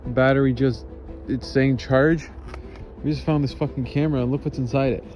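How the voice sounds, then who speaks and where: A man hosting a vlog from inside a car, joking and teasing in casual chat, jumping up in pitch for his punchlines. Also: steady tone, normal speed, highs cut off, over music. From Canada. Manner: playful, teasing, jumps to high exclaims. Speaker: vlogger host.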